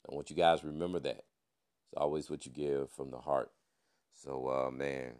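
A man's voice: rumbling low, little pitch movement, moderate pace, darkish tone, clear, resonant tone. A man hosting a podcast, giving a casual news and sports recap in a laid-back way, peppering his talk with "man" and playful wordplay. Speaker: podcast host.

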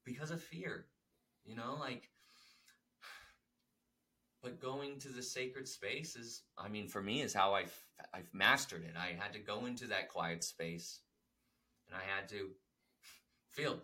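Male podcast co-host, casual spiritual talk, low-ish, very bright tone, rambling and animated. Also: a little slow, pauses often, rough recording. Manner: rambling, animated, many restarts and "like".

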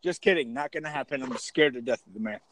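A man's voice: medium pitch, fast, heavy background noise. A man co-hosting a wrestling podcast, telling stories in a jokey way and laughing often. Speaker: podcast co-host. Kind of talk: casual chat.

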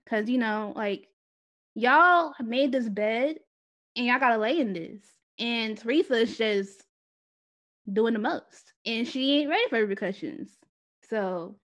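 A woman co-hosting a podcast, chatting casually and laughing often as she recaps. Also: a little high. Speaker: podcast co-host. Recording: dull lo-fi audio.

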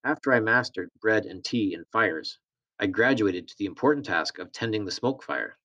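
A man reading a novel aloud in a steady, plain storytelling manner. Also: lowish voice, normal speed, highs cut off. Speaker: reader.

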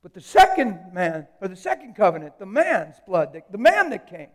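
A man with a very high voice preaches a live sermon, swinging between hushed, almost whispered asides and loud, emphatic declarations. He jokes easily with the congregation. His voice rings with the long reverb of a church hall. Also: huge pitch swings, moderate pace.

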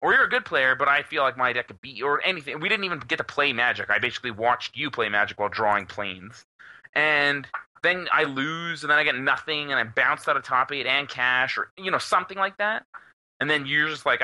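A young man co-hosting a podcast, telling a story in a casual, animated way with plenty of swearing. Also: mid-range voice, brisk. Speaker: podcast co-host. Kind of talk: casual chat.

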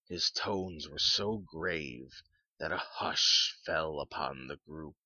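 Very deep gravelly storyteller man. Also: no room sound. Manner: measured, even storytelling. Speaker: narrator. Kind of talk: storybook reading. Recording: dull lo-fi sound.

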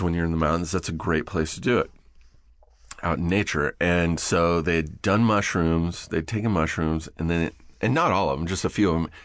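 A middle-aged man telling a casual story as a podcast guest, animated and profane, often laughing. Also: low voice, no room sound, studio quality.

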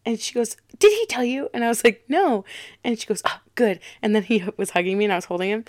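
A woman's voice: mid-range voice, fast, no room sound, studio quality. A young woman co-hosting a podcast in casual chat, telling stories and acting out what people said. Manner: animated storyteller, acts out quotes. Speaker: podcast co-host.

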